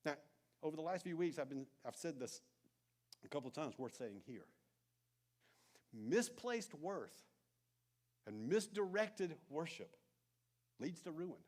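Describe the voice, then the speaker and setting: A man preaching a sermon as pastor, telling a story with animated emphasis and then dropping into soft, intense asides. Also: on the high side, a little slow, long pauses. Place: church sanctuary.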